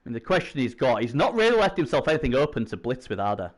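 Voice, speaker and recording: A man doing chatty live video game commentary, swinging from low muttering to excited shouts. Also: fast. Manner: chatty, opinionated, talks to himself.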